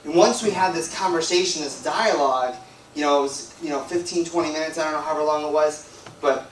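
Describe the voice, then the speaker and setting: A man's voice: a little high, fast, a little hiss or hum. A man giving a sermon as a guest preacher, telling a personal story in a rambling, conversational way full of "like" and "you know". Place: church hall. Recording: echoey room, from a distance.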